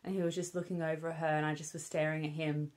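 A woman's voice: sits low, little pitch movement, fast, darkish tone. A young woman with a British accent, chatting candidly to camera as a vlogger, with many fillers like "um" and "obviously". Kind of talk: casual chat to camera. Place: at home with her newborn.

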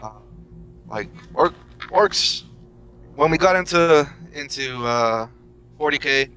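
A man's voice: fairly high pitch, lively intonation, slow, bright, forceful tone, smooth, poor audio. A young man co-hosting a podcast, telling stories casually with a joking, profane manner. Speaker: podcast co-host. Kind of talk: casual chat.

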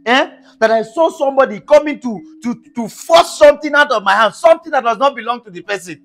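A man's voice: extremely high pitch, animated, brisk, faint music behind. A man playing a frantic cheating husband. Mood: boastful storytelling. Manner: frantic, shouting, exclamatory. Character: panicked cheating husband who lost his car. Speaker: actor in a comedy skit. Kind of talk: skit acting.

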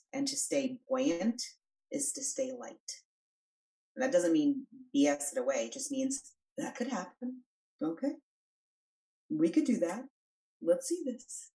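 Low-pitched woman podcast guest, earnest, kinda distant from the mic. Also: mellow. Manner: earnest, flowing, emphatic. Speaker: podcast guest, energy worker. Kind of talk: conversational interview.

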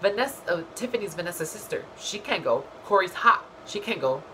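A young woman vlogger recapping a reality show in a casual, gossipy way, blunt and full of swearing and animated asides. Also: on the low side, a little fast, slight background noise, poor audio.

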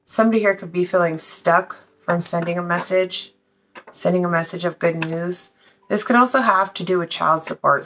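A woman's voice: on the low side, a bit bright, a little hiss or hum. A woman doing a casual tarot reading, chatty and blunt, swearing freely and a little out of breath. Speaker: tarot reader.

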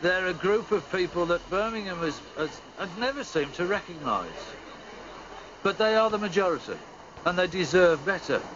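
A man's voice: high-pitched, expressive, moderate pace. A male market trader speaking earnestly and anxiously in a news interview, repeating words. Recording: dull TV audio with background noise.

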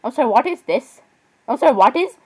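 Excitable high-voiced teenage girl vlogger. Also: breathy edge. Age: teens. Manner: excitable, exclamatory, quick shifts between giggly outbursts and mumbled asides. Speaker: reaction vlogger. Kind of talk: casual reaction commentary.

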